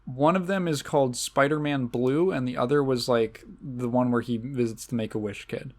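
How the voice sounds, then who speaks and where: A man's voice: mid-range voice, moderate pace, a little mellow. A man hosting a podcast, ranting casually about a movie in a rambling, sarcastic way, with frequent restarts and self-corrections. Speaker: podcast host.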